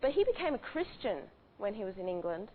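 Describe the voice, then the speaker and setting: A woman's voice: mid-range voice, sing-song, fast talker. A woman retelling a true story in a conversational way, often restarting her sentences. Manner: conversational with frequent restarts and fillers. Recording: tinny phone-like audio with faint hiss.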